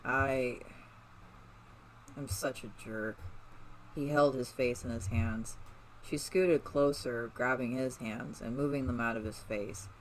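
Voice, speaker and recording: A man's voice: mid-range voice, fairly even intonation, measured pace, slight background noise, poor audio. A man narrating fan fiction aloud in a casual, unpolished way with fillers.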